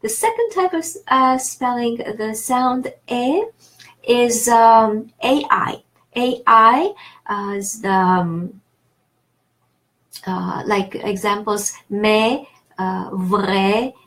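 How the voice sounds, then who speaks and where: A woman teaching a casual online French pronunciation lesson, chatty and encouraging, with many fillers and restarts. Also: fairly high pitch. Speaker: French tutor.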